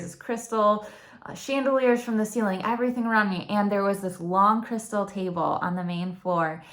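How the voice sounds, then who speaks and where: A woman's voice: mid-range voice, fairly bright tone. A young adult woman with a Michigan accent, talking on her channel about her faith in an earnest, chatty way. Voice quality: talkative, earnest. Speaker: YouTube channel host. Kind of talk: personal reflective monologue.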